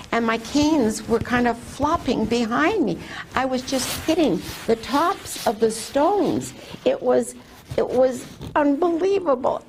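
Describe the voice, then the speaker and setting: Older woman recounting a testimony slowly, voices her quotes with energy, faint hiss behind. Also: fairly high pitch. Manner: animated retelling with lively quoted speech. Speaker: testimony speaker. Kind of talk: personal testimony storytelling.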